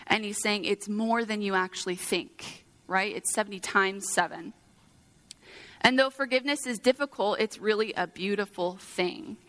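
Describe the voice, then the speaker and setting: A woman's voice: mid-range voice, bright, forceful tone. A young woman giving an earnest sermon, mixing scripture with a personal story and casual fillers. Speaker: preacher.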